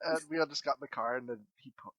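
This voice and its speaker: A man's voice: mid-range voice, a bit bright, no echo, rough recording. A man co-hosting a podcast, telling profane anecdotes from his youth in casual chat. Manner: profane, laughing anecdote teller. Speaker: podcast co-host.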